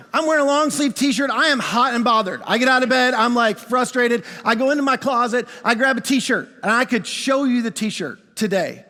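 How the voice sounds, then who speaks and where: A middle-aged male pastor telling a story in a sermon, animated and self-mocking, then dropping into quiet reflection. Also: very high voice, normal speed. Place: large church auditorium. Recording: long hall reverb.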